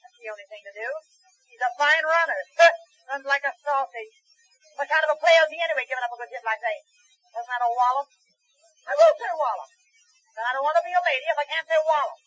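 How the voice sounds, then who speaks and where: Fast, chattering high-voiced woman. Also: no echo, poor audio. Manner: chattering, indignant, excitable, scolding. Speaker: baseball fan in a comic monologue. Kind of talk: comic monologue.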